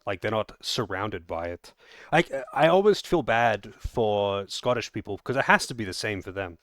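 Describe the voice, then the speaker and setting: A man's voice: on the low side, lively intonation, moderate pace, fairly bright tone, dry recording. An Australian man streaming a game playthrough, giving sarcastic and profane commentary. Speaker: let's play streamer. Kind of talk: gameplay commentary.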